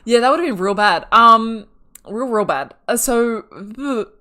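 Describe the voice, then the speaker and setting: A woman hosting a casual fan discussion stream, excitable and emotional, swearing freely. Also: fairly high pitch, unhurried. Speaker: stream host.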